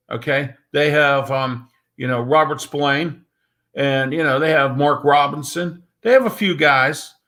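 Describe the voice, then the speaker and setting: A man's voice: a little high, sharp tone. A man hosting a live sports talk show, blunt and opinionated, rambling with many fillers and repeated checks like "okay?". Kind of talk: casual sports talk monologue.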